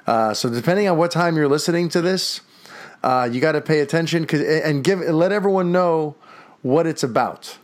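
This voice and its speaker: A man's voice: fairly high pitch, normal speed. A man hosting a podcast, talking casually, with a lot of swearing and rambling. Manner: profane, rambling, enthusiastic. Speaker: podcast host.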